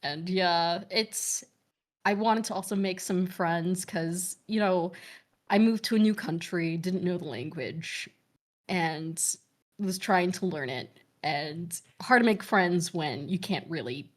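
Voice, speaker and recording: A woman's voice: lowish voice, takes it slowly. A woman in her thirties, a guest streamer in casual chat, talking in a chatty way with many fillers and frequent laughs. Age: 30s.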